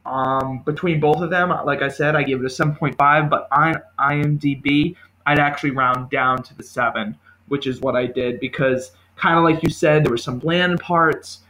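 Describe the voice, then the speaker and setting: A man with a slightly high, bright voice co-hosts a casual movie podcast. He talks in an animated way and acts out his own reactions as he goes. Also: normal speed, slight background noise, poor audio. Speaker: podcast co-host. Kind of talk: casual chat about movies. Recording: home podcast recording.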